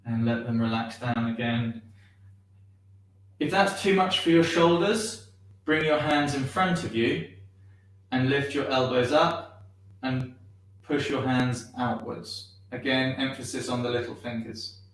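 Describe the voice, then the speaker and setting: A man teaching a shiatsu class, guiding breathing and stretches in a gentle, unhurried way with many pauses and ums. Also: mid-range voice. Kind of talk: guided movement class. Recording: echoey room, far from mic.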